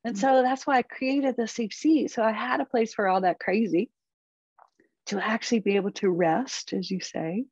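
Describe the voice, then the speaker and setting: A woman's voice: on the high side, moderate pace, husky, no room sound, highs cut off. A middle-aged woman therapist and parent coach talking earnestly in an interview, acting out her inner voice as she explains. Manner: earnest, animated, acts out inner dialogue. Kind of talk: conversational interview.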